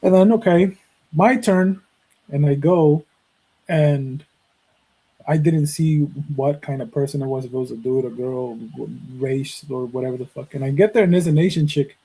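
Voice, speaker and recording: Podcast host, man, 30s, from Mexico; mellow, husky tone; swears freely while narrating and acts out quoted lines. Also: a little high, normal speed, poor audio. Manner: profane, animated, acts out quoted dialogue. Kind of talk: casual storytelling.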